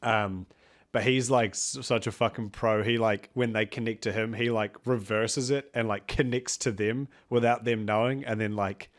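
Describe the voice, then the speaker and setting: A man's voice: fairly low pitch, steady tone, normal speed. Swearing, rambling New Zealand man. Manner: rambling, swears freely, laughs often. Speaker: podcast guest. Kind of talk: casual podcast chat.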